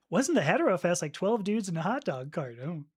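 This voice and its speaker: A woman's voice: fairly low pitch, sing-song, normal speed, darkish tone, slightly rough. Chatty woman hosting a live stream. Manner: chatty and reflective, frequent fillers and restarts, laughing along. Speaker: livestream host reading viewer comments. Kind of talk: casual live-stream chat.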